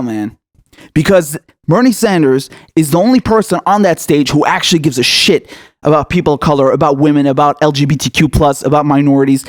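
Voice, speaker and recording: A man's voice: on the high side, brisk, no room sound, clean studio sound. A man hosting political commentary, ranting angrily and swearing often. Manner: angry, profane, ranting.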